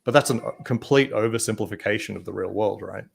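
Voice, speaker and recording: A man's voice: on the low side, creaky, husky. A man in casual chat, speculating and asking questions. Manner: speculative, questioning, quick asides. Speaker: podcast co-host.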